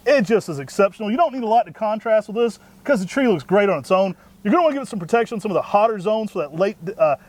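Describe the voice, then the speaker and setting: Guy hyping up maples, highish voice, lots of y'all. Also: no room sound. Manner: energetic, folksy, says y'all. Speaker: co-host of plant show. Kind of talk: enthusiastic product talk.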